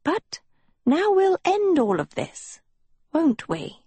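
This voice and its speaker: A woman voicing a young witch girl turned withered hag, speaking in a soft, eerily sweet, pleading way. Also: extremely high pitch, huge pitch swings, slow, no echo, pitched above the performer's own voice, heavily acted.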